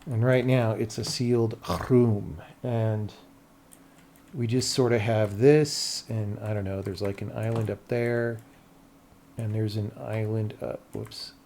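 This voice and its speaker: Slow, mumbling man thinking aloud. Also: on the low side, fairly even intonation, mellow, a little hiss or hum. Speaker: game developer streamer. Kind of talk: casual livestream commentary while working.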